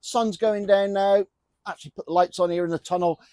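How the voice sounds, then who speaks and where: An older man, a gardening vlogger, chats casually to camera from inside a polytunnel about his allotment, joking and letting slip the odd mild swear word. His voice is high-pitched, steady, brisk and darkish, in a dry recording.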